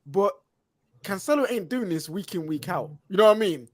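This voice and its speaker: Animated slangy football pundit, man. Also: high voice, normal speed, no echo. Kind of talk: casual chat.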